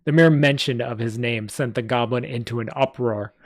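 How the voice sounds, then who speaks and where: A man's voice: mid-range voice, normal speed, dry recording. Man, live story reading, plain reading voice, small slips, dry close sound. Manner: reads aloud with small slips and asides. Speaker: story reader.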